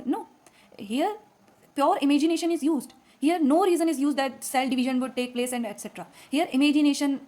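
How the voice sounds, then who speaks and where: A woman with an Indian accent giving a literature lecture while suffering from a cold, explaining step by step with frequent fillers and quick check-ins to her students. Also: high-pitched, darkish tone. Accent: Indian English. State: has a cold. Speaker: literature teacher. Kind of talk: classroom lecture.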